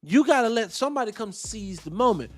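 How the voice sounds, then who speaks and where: High-pitched and fairly quick, a man runs a wrestling podcast with soft music playing behind him. His casual commentary is full of blunt, profane takes, and he animatedly responds to his chat.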